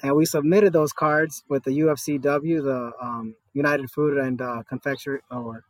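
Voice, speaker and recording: A man's voice: medium pitch, flat delivery, normal speed, no echo. A man, telling his story as an interview guest, earnest and often adding "right?". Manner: earnest, with many fillers and tag "right?". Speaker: guest, cannabis store worker organizing a union. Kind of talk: conversational interview.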